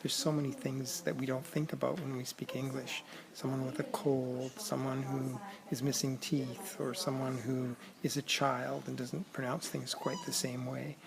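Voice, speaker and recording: Guy vlogging in a crowded public spot, gravelly voice that cracks, lots of ums and throat clearing, crowd chatter behind. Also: mid-range voice, level tone, normal speed, rough recording. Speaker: vlogger learning a language abroad. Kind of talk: casual video diary. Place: busy public place at a concert hall.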